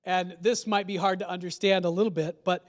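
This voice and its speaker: A man's voice: sits high, steady tone, fairly quick. A male pastor preaching a sermon in a conversational way, asking his congregation questions. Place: church sanctuary. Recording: long church hall reverb.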